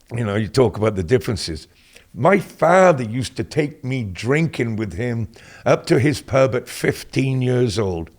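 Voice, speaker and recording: An older man with a British accent, a podcast guest telling relaxed stories in casual interview talk, often saying "you know" and clearing his throat. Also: mid-range voice, measured pace. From Britain.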